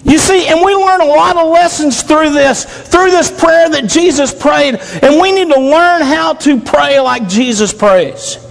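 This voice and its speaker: A man's voice: very high-pitched, unhurried, gravelly, few pauses. A man preaching a sermon in an earnest, repetitive way, asking the congregation question after question. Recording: long reverb of a large hall.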